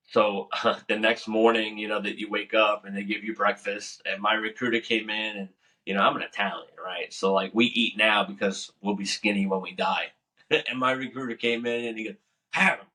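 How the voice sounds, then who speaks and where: Swearing freely and laughing a lot, a young man who served in the Navy shares relaxed stories from boot camp. He has a lowish voice with a sharp tone, and he's positioned a bit away from the microphone.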